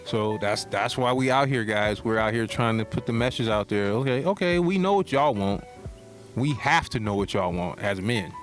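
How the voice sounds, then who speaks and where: A man's voice: on the low side, moderate pace, faint music behind. A man co-hosting a podcast, chatting casually and teasing his co-host with lots of laughter. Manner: joking, teasing, animated with laughter.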